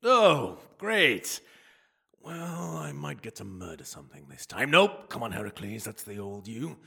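A man's voice: medium pitch, very animated, unhurried, gravelly, sharp tone, husky, heavily acted. A man voicing a weary Greek hero with a wry, grumbling manner in a comedy audio sketch.

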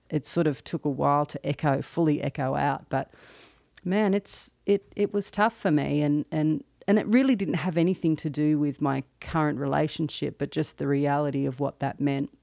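A woman talks through a personal story in an earnest, reflective monologue. Her voice has a gravelly, fried texture, and it sits in a dry, close sound with no room around it. She often pauses and restarts as she gathers her thoughts. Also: low-pitched, a little mellow, dry recording. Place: lives in the American South.

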